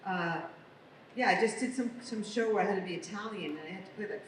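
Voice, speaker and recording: An American woman speaks as a panel guest in a middle-pitched voice, chatty and lively as she tells her stories. The sound is picked up from a distance in a big reverberant convention hall. A faint hum of room noise sits underneath. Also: fast talker. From United States. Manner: chatty, animated storyteller. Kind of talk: casual panel Q&A. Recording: echoey hall recorded from far off.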